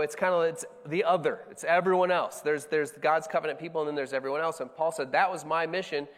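A pastor from Colorado teaches a sermon in a casual, conversational way, full of fillers and restarts. His voice is on the high side, with a long reverb tail.

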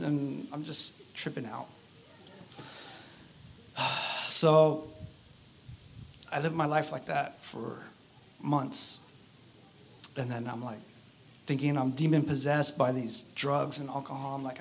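A man giving his personal testimony at an outdoor church service, speaking in an earnest, halting way with many fillers. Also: medium pitch, fairly even intonation, vocal fry, a little hiss or hum. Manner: halting, earnest, frequent "you know" fillers.

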